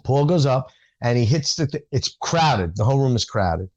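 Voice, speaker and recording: Man telling an animated comedy-club anecdote. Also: mid-range voice, normal speed, highs cut off. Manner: animated anecdote, acting out dialogue. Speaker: stand-up comedian guest. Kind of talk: casual storytelling.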